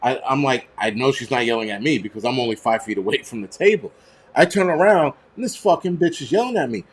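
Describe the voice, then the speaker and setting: A man's voice: mid-range voice, animated, fast, slightly rough. A man, hosting a prepper channel and telling stories in a heated, profane, rambling rant. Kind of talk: casual ranting monologue.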